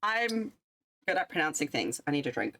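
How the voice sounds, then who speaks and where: A woman's voice: sits low, sing-song, normal speed, background noise. A young woman streamer chatting casually with her viewers, rambling and self-deprecating. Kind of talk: casual livestream chat.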